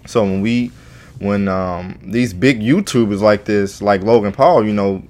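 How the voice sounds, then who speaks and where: Low-voiced man in a rambling vlog. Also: unhurried, a little mellow. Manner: loose, rambling, repeats "you know". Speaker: YouTuber reacting to news. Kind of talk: casual commentary vlog.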